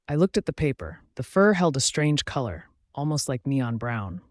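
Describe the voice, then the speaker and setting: A man narrating a first-person audiobook in a steady, even reading voice. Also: mid-range voice, normal speed, few pauses, dry recording, clean studio sound.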